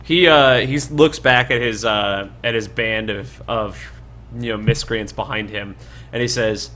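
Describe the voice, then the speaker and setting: A man narrating as game master of a tabletop game, halting with many fillers and restarts. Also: on the low side, pushed and bright, a little hiss or hum.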